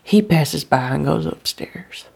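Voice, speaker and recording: Gravelly woman telling a story. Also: low voice, lively intonation, slow, darkish tone. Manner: drawling dialect storytelling, slipping into breathy whispers. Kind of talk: first-person dramatic monologue.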